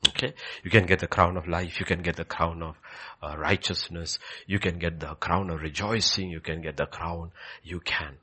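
Here a male pastor preaches at a normal speed in a steady tone with a breathy edge. He stresses and repeats key phrases, shifting between loud pronouncements and quiet, low passages.

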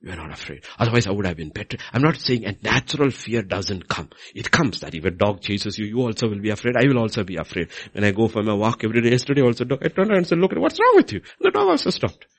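Middle-aged man, husky, lively pulpit preacher with big swings in delivery. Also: lowish voice, fast, hardly any pauses. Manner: animated, swings between loud emphasis and quiet asides. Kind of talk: sermon.

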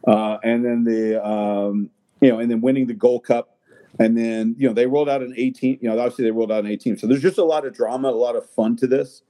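A man with a warm, mellow tone talks soccer in a relaxed podcast chat. He rambles and restarts often, filling pauses with "uh" and "you know." His pitch sits in an ordinary middle range. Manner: rambling, many fillers and restarts. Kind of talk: casual chat.

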